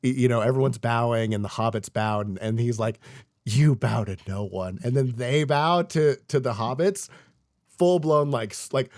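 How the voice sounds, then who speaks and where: A man's voice: mid-range voice, moderate pace. A young man co-hosting a podcast, telling a story in casual chat, rambling with lots of fillers and swearing. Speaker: podcast co-host.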